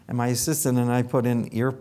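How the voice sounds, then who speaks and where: A man's voice: medium pitch, fast. An older man, a dentist, telling casual anecdotes about his patients and acting out what people said. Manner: animated anecdotes with acted quotes. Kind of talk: casual storytelling.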